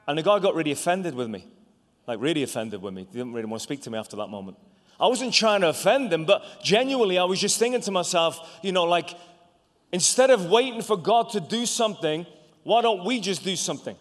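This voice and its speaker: A man preaching a sermon as an evangelist, animated and stammering through restarts, swinging between loud bursts and hushed asides. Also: sits high, fast. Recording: long hall reverb.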